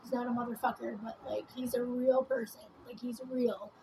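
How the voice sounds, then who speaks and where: A woman's voice: fairly high pitch, level tone, normal speed, vocal fry, warm tone, slight background noise, low-quality recording. A woman vlogging in a casual, rambling monologue full of swearing and fillers while she does her makeup. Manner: rambling, profane, many fillers. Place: at home doing her makeup.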